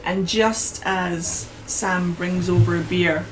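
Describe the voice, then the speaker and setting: Female game master, low voice, descriptive, unhurried, restarts. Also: steady tone, noisy background. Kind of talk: narrating a tabletop game.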